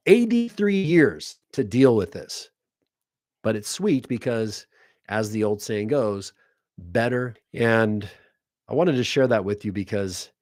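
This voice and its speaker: A man's voice: lowish voice, no echo, studio quality. Earnest storytelling male hypnotist. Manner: animated, earnest, acts out quotes. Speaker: hypnotist and coach. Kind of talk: casual storytelling to camera.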